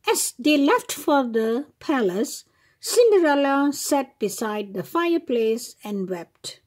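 A woman hosting a children's channel, reading a fairy tale aloud in a slow, expressive way. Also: high-pitched. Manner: slow, expressive, sing-song read-aloud.

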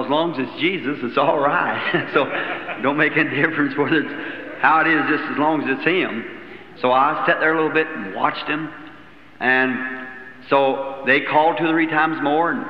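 Folksy old-time preacher guy, fairly high voice, roomy hall, muffled old tape with a bit of hiss. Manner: folksy, chuckling storyteller acting out dialogue. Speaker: evangelist preacher. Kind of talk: sermon storytelling. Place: church meeting hall.

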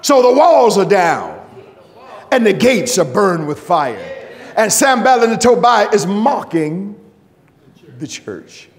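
A man preaching a fiery church sermon, shouting in drawn-out phrases and calling on the congregation for praise. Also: high-pitched, sing-song. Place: church sanctuary. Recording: reverberant hall, faint congregation.

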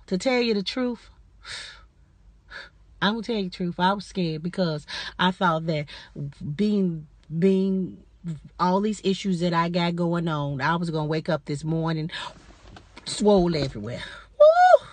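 A woman's voice: lowish voice, measured pace, no room sound. A middle-aged woman in a casual personal vlog, chatty and talking straight to her viewers as y'all. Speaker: vlogger.

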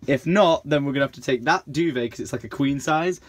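A young man in his twenties vlogging a road trip, excitable and joking, with shouts now and then, filmed on a handheld camera. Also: mid-range voice, brisk, slightly rough. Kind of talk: casual travel vlog. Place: outdoors and in a campervan on a road trip. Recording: noisy road and vehicle background.

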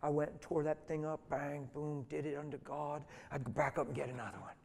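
A middle-aged man preaching a sermon through stories, dropping to hushed tones and then rising to loud, emphatic lines. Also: a little high, steady tone, a little fast, vocal fry, a little hiss or hum. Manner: storytelling, swings from soft and hushed to loud and emphatic. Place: church hall. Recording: reverberant hall.

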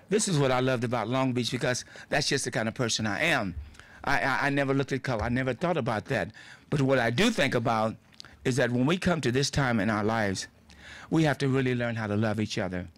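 Older man giving a folksy, bright speech. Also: medium pitch. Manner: folksy, joking, heartfelt, rambling with laughs. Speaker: honoree giving a dedication speech. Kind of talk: informal outdoor speech. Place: outdoor sports field.

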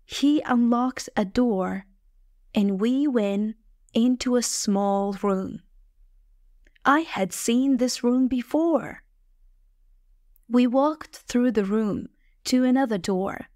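A woman reading a simplified novel aloud for English learners in a plain, slow, measured way. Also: a little high, dark tone, dry recording, studio quality. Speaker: audiobook reader. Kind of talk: scripted narration for English learners.

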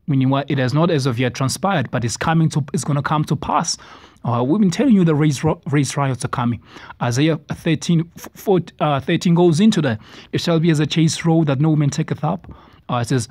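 A man's voice: a little high, moderate pace, a little mellow, no echo. A man giving a preachy response-video commentary, stumbling over words as he reads passages aloud. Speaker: religious commentator. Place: South Africa.

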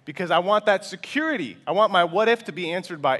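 A male pastor giving a sermon in a conversational style, sometimes dropping to a soft, quiet voice. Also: high voice, expressive, quick pace, hardly any pauses. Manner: conversational preaching, acts out quoted voices, sometimes drops to a hush.

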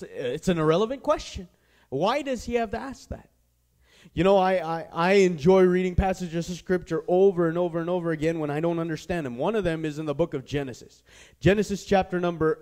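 A man's voice: on the high side, a little mellow. A man with a Southern US accent preaching a sermon, talking with his congregation and putting questions to them. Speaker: pastor.

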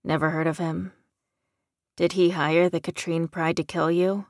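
A woman voicing a guarded young man held captive, speaking quietly and flatly in an audiobook. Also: lowish voice, a little slow, no echo, clean studio sound.

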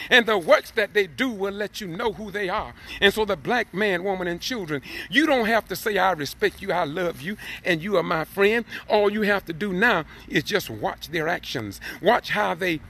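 A man preaching with fervor, his voice pitched high for a man and rough with a gravelly fry. The tone is tense and bright, and a husky edge roughens it. He keeps circling back on phrases and builds to forceful peaks. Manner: fervent and repetitive, building to emphatic peaks. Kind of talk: impassioned preaching.

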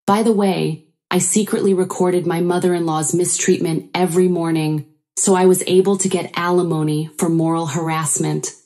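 A woman narrating her own story in the first person, in an even, plain storytelling manner. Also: on the low side, normal speed.

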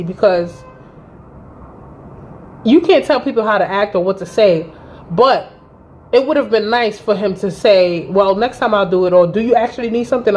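A woman in her thirties telling a personal story to her channel in a casual, animated and profane way, acting out both sides of the conversation. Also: mid-range voice. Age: 30s. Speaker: vlogger. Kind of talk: storytime vlog.

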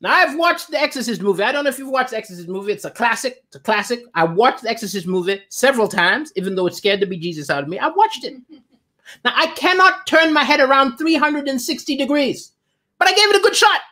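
A man's voice: very high-pitched, animated, fast talker, pushed and bright. A man hosting an online comedy show, delivering a stand-up monologue with restarts and self-deprecating punchlines.

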